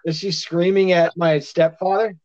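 A man's voice: sits high, fairly even intonation, moderate pace, darkish tone, no echo, muffled recording. A man in his thirties hosting a podcast in a casual chat, swearing freely and laughing often. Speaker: podcast host.

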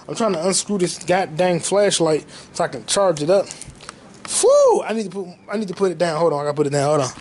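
A young man hosting a casual solo podcast, talking in an excited, profane and repetitive way, full of street slang. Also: sits high, a little hiss or hum, low-quality recording. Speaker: podcast host.

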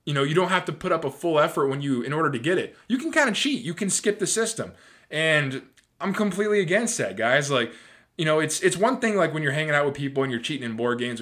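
A man in his thirties hosting a sports podcast, ranting in a casual, animated way with swearing and lots of fillers. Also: mid-range voice. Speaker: podcast host.

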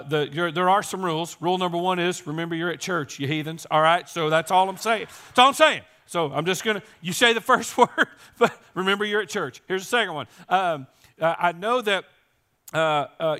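A pastor, a man, preaching to his congregation, his voice strained into a high squeak today. He teases the crowd with playful jokes, and his tone is bright and sharp. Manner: joking, playful, teasing the audience. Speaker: teaching and campus pastor. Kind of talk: Easter sermon to a live congregation. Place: church service.

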